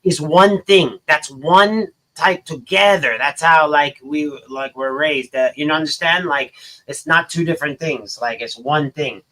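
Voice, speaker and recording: High, bright-voiced American man. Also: a little slow. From United States. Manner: animated, exclaiming and storytelling. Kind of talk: casual podcast chat.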